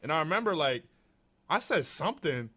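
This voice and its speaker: Young man with a deep, easygoing voice. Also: fairly quick, husky. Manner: relaxed, conversational, many fillers. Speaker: podcast co-host. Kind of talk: casual chat.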